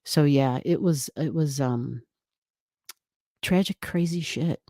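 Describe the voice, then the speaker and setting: A woman's voice: sits low, slow pace, mellow, no room sound, studio quality. A woman hosting a casual livestream from home, rambling with many restarts and reading viewer comments aloud. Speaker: livestream host. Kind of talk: casual live-stream chat. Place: home room.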